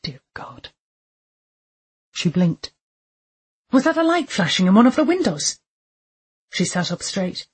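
A woman reading a dark thriller audiobook aloud, measured and deliberate, with quiet tension. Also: mid-range voice, sing-song, breathy edge. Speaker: audiobook narrator. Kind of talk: scripted narration of a dark thriller.

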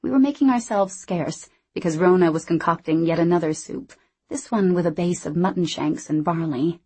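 A woman narrating a novel in the first person in a measured, reflective way. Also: lowish voice, darkish tone, slightly rough. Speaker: audiobook narrator.

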